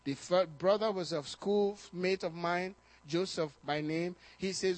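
An unhurried pastor with a high-sitting male voice preaches, weaving in personal stories. He speaks with animation, often repeats words, and grows steadily more excited.

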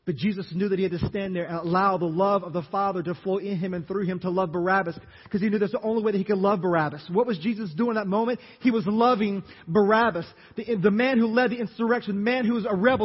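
A man preaching a sermon as pastor, telling the story dramatically and acting out the crowd's shouts. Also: high-pitched, steady tone, fast talker, few pauses, slightly rough. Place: church sanctuary. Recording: dull reverberant church recording.

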